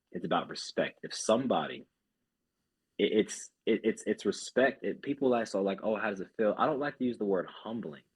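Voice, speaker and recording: A man's voice: low-pitched, darkish tone, slightly rough. A man who is a group fitness instructor, talking earnestly as a podcast guest and often restarting his sentences. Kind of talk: casual podcast chat.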